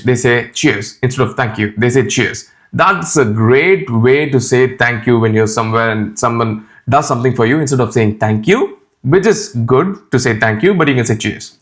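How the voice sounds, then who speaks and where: A man with an Indian accent whose first language is Tamil, giving a casual spoken tutorial as a YouTuber in a chatty, direct way, often adding "man" and "right?". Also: medium pitch.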